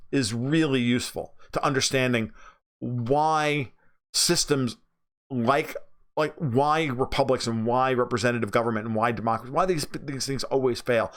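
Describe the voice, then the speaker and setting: A man's voice: medium pitch, a bit bright. A man with a New York accent hosting a livestream, talking bluntly and profanely while reading viewer comments. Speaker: livestream host.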